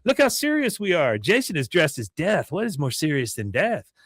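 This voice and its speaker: A man voicing an excitable teenage girl protester who talks in an eager, earnest, pleading way. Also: fairly high pitch, normal speed, no echo, clean studio sound, voice pushed up, exaggerated voice.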